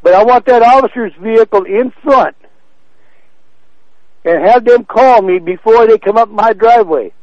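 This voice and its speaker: A man's voice: sits high, moderate pace, pauses often, no room sound. A man answering a prank call, angry and blunt, making threats. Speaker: salvage yard owner. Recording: dry muffled phone line.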